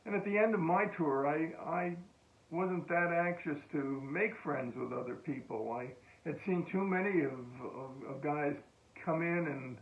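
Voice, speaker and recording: An older American man, a veteran, recounting a story in a halting oral-history style with frequent restarts and chuckles. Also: on the high side. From United States. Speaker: veteran telling a war story. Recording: tinny phone-like echoey room.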